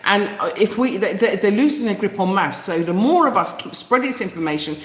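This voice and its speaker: A woman's voice: medium pitch, expressive, a little fast, reverberant. A woman with a London accent hosting a live stream, speaking passionately and emphatically, repeating phrases for effect and greeting viewers in the chat. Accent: London English. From East London, England. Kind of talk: live stream monologue reading viewer comments.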